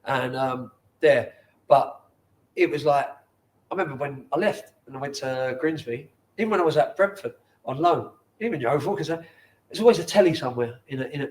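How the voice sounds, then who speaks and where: A middle-aged man, a former footballer telling rambling, lively anecdotes as an interview guest in a bar. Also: medium pitch, normal speed. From London. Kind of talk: casual storytelling over a pint. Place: bar, indoors.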